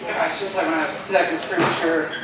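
A man's voice: on the high side, level tone, quick pace. A young man from southern Georgia doing a self-deprecating open mic stand-up set, flustered after losing his lines. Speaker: stand-up comedian. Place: comedy club stage. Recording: echoey club, far-off mic, noisy.

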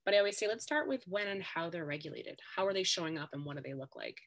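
Bright-voiced woman explaining as guest. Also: on the low side, expressive, fast talker. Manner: explanatory, leans on "really". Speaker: guest expert. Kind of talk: podcast interview.

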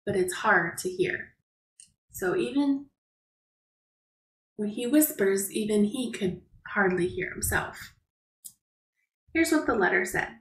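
A woman preschool teacher reading a picture book aloud to young children, gently explaining words and asking them questions. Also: mid-range voice, animated, slow pace, roomy sound, rough recording.

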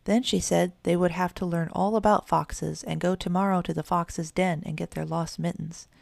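A woman narrating a children's audiobook in a measured storytelling way. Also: on the low side, steady tone, vocal fry, darkish tone, dry recording.

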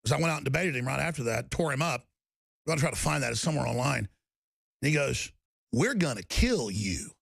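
A man hosting a talk show, ranting in an emphatic, combative way that swings to shouted defiance. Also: medium pitch, fast talker, creaky, dry recording. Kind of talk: heated talk-show rant.

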